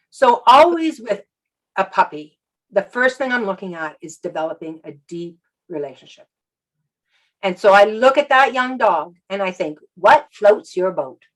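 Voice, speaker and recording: A woman who works as an animal communicator, sharing a personal story softly and reflectively in an interview. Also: mid-range voice, rough recording.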